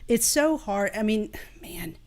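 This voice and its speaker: A woman's voice: medium pitch, expressive, slow, a little mellow. A woman hosting a live music stream, upbeat and gushing as she thanks a guest and promotes upcoming shows. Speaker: host. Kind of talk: live stream interview and outro.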